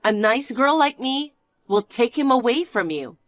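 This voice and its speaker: A woman's voice: on the high side, expressive, unhurried, dry recording, studio quality. A woman doing a smug, taunting young niece. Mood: whiny, smug. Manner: sneering, sing-song and teasing. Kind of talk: scripted dialogue drama.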